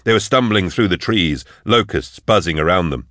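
Man, audiobook narrator, very low voice, steady measured storytelling, dry recording. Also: no echo. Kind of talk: scripted narration.

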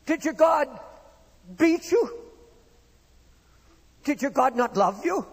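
A man's voice: extremely high pitch, lively intonation, slow pace, gravelly. A man preaching a sermon with impassioned, rising and falling delivery, in a church hall. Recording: long reverb of a hall.

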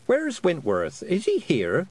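A man's voice: high-pitched, huge pitch swings, slow pace, darkish tone, breathy edge, voice pushed up, heavily acted. A man voicing a frantic mother who urgently demands answers and gives orders. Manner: urgent, commanding. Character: frantic farm mother searching for her toddler.

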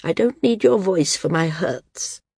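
A woman reading the part of a frail, dying old woman who speaks frankly, wearily and with quiet firmness. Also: fairly low pitch, expressive, measured pace, gravelly, husky, no room sound, studio quality, exaggerated voice. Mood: wry. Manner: frank, weary, gently firm.

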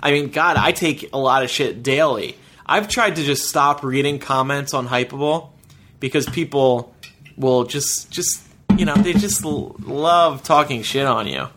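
A man co-hosting a video podcast, easygoing and quick to laugh as he tells stories. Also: medium pitch, fairly bright tone, slight background noise. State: nosebleed, pinching his nose. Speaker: podcast co-host. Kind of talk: casual chat. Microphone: studio podcast mic.

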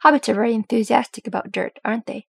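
Brief: skeptical, proud dwarf king, muttering dryly, gravelly, read by a woman. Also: a little high, fast, no room sound, exaggerated voice. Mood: wry. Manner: dry, muttering remarks.

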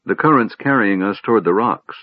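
A man's voice: fairly low pitch, animated, fairly quick, no echo. A man doing a grim snarling sea captain. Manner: snarling, blunt. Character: grim, irritable middle-aged male ship captain. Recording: dull lo-fi recording.

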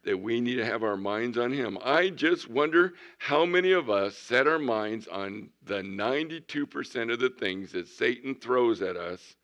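An older male pastor in his sixties gives a folksy sermon. His voice sits at an ordinary pitch but sounds bright and forceful, and he swings from loud bursts to hushed, low passages. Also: lively intonation, normal speed, hardly any pauses, lo-fi sound. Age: 60s.

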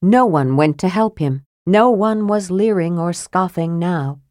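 A woman narrating a fantasy audiobook in a measured, steady reading. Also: lowish voice, no echo, studio quality.

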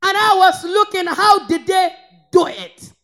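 A woman from northern Nigeria, preaching a fervent sermon that swings between shouted praise and low, intense rebuke. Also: steady tone, measured pace.

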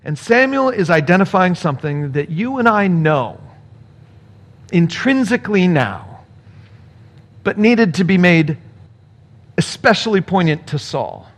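A male pastor giving a sermon with scripture reading, playful and animated, acting out the characters. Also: sits high, unhurried, pauses often.

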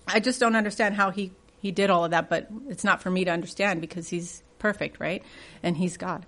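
A woman's voice: on the low side, fairly even intonation, a little fast, fairly bright tone. A woman leading a church Bible study, reading scripture aloud and asking the group questions in a conversational way. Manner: reads scripture aloud with rising emphasis.

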